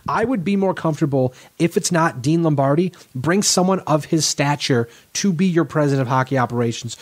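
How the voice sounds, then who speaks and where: A man co-hosts a sports podcast. He talks in long, rambling runs. He keeps restarting and correcting himself as he goes. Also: medium pitch. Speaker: podcast co-host. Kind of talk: casual sports talk.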